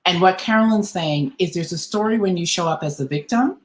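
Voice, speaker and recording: A woman's voice: fairly low pitch, brisk. A woman mindset coach hosting a podcast conversation, speaking in an earnest, emphatic, motivational way.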